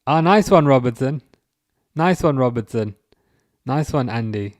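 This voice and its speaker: A man's voice: medium pitch, animated, a little slow, dry recording, clean studio sound. A man hosting a casual football livestream, chatting and self-mocking, often restarting his sentences and laughing. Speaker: livestream host. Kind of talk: casual live match commentary.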